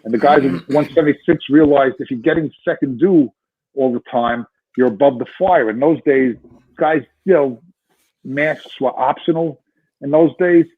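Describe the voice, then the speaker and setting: A husky-voiced man in his sixties tells his story as a podcast guest, animated and full of restarts. His voice comes through a thin, tinny phone-like line. It sounds dry, with no room around it. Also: medium pitch, moderate pace, dry recording. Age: 60s. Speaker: guest, retired fire lieutenant.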